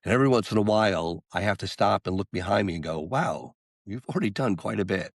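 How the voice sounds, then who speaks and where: A man, a singer-songwriter guest on an interview podcast, telling a story and acting out the quotes with lively jumps in voice. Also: lowish voice, fast talker, gravelly, no room sound, studio quality.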